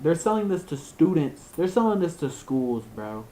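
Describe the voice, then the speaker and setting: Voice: medium pitch, expressive, unhurried, few pauses, warm tone, rough recording. A young adult video creator reacting to things on screen in a slangy, incredulous rant, swearing casually as they go.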